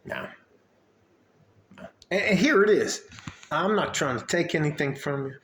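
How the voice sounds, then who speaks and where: A man's voice: a little high, lively intonation, measured pace, a bit bright, a little hiss or hum. Older guy coaching young men, rambly and swears a lot, kinda fatherly, roomy echo. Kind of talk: casual vlog talk to camera.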